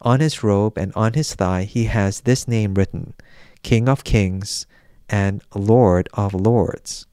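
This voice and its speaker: A man reading scripture aloud in a measured, solemn, unhurried way. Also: fairly low pitch, mellow, clean tone, no echo, clean studio sound. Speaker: scripture reader.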